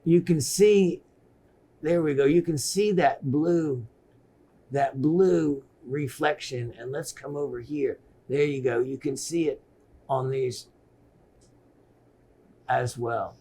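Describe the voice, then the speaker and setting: Slow-talking enthusiastic male shopping host. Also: on the high side. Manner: excited, repeats phrases for emphasis. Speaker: gemstone shopping show host. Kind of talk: enthusiastic sales presentation.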